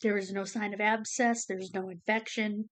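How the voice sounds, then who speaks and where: A woman talks to her camera in a casual personal update, her mid-range voice level and at a normal speed. The vlogger rambles, uses many fillers like "um" and "you know," and becomes emotional, close to tears at times.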